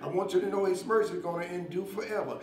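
A high-pitched man talks fast, preaching a sermon with fervent emphasis and repeatedly calling out to his listeners. There's background noise, and the room is echoey with guitar music playing behind him.

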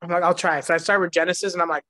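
Animated man telling his testimony, dry sound. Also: high-pitched, racing, no echo. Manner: animated storytelling, laughs often, acts out voices in quotes. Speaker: church member giving a testimony. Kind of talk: personal testimony at a church. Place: church.

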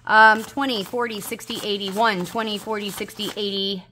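A woman's voice: medium pitch, steady tone, normal speed, pushed and bright, slight background noise. A woman, a budgeting vlogger chatting casually to viewers, coaxing and scolding her dice, a little unwell and tired. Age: 30s. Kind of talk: casual chat to viewers while rolling dice.

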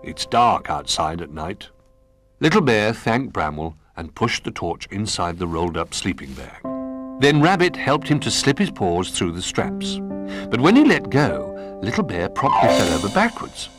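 A man narrating a children's storybook in a gentle, expressive manner. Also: on the low side, normal speed, over music.

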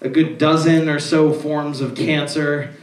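A young stand-up comedian rambles through his set with a loose, filler-heavy delivery and plenty of swearing. His voice sits a little high. The sound is roomy and comes from a distance, as if caught away from the mic in a club. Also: little pitch movement, measured pace.

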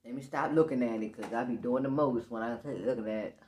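A tired, sleepy woman hosting a casual eating show, talking slowly between bites. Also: extremely low pitch, darkish tone, roomy sound. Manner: drowsy, unhurried, talks between bites. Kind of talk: casual mukbang chat.

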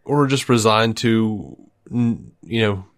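A man's voice: lowish voice, lively intonation. Chuckling male podcast host. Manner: laughs often, halting restarts. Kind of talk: casual podcast chat.

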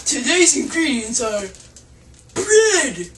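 A woman hosting a spoof cooking show with a goofy, deadpan manner and sudden loud outbursts. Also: high-pitched, slow pace. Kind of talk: deadpan comic cooking demonstration. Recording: noisy home video recording.

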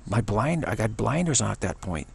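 A man's voice: on the low side, big pitch swings, normal speed, creaky, husky. A man giving a solo spoken commentary, rambling earnestly and often repeating and restarting his phrases. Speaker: channel host.

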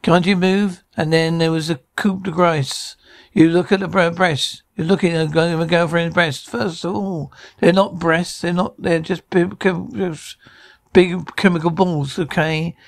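A man's voice: on the high side, fairly even intonation, measured pace, gravelly. A man acting out every part of a sitcom scene alone, in a bickering, flustered comic delivery full of stammers and restarts.

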